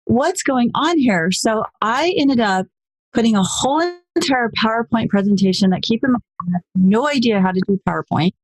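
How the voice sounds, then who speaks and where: A woman in her forties, a podcast guest, telling her story in a lively, casual way and acting out the voices she quotes. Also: moderate pace, no echo. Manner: animated, acts out quoted voices with pitch jumps.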